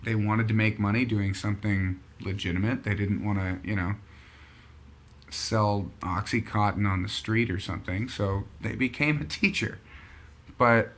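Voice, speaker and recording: A man's voice: fairly low pitch, fairly even intonation, normal speed, a bit bright. A man hosting a casual chat show, rambling and thinking aloud as he talks. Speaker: podcast host.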